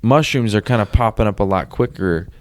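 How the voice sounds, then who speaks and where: Rambling man on a comedy podcast. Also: on the low side. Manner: rambling, halting restarts, laughs often. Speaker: podcast co-host. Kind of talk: casual comedic chat.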